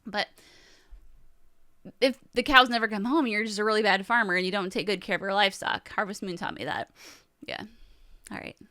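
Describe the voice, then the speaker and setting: Chatty bright-voiced woman vlogger. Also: medium pitch, fairly quick, pauses often, no room sound, studio quality. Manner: chatty, rambling, swears casually. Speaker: vlog host. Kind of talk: casual chat to camera. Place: home room with game shelves.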